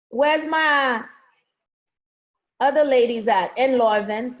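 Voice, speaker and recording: A woman's voice: fairly high pitch, measured pace. A woman teaching math in a live online review session, coaxing students with pet names and frequent check-ins. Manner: frequent check-ins like okay and all right.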